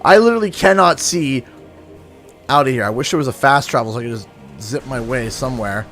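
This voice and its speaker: A man's voice: medium pitch, a little fast, a bit bright, soft background music. A man from Canada chatting casually while live-streaming a video game, playfully exaggerated and sing-song when he complains. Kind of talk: gaming livestream chat.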